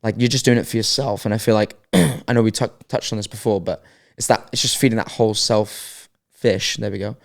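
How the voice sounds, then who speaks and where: A man's voice: fairly low pitch, fairly even intonation, a little fast, creaky. A man co-hosting a podcast, talking casually and thinking aloud with hesitant restarts. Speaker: podcast co-host. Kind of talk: casual reflective chat.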